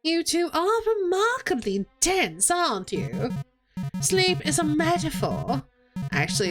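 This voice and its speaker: A sneering, pompous bird scholar, voiced by a woman who lectures every word with swooping, lively pitch and an unhurried pace. He talks down to his listeners as a haughty male librarian in a game, with faint music behind. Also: heavily acted. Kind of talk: game dialogue read aloud on stream.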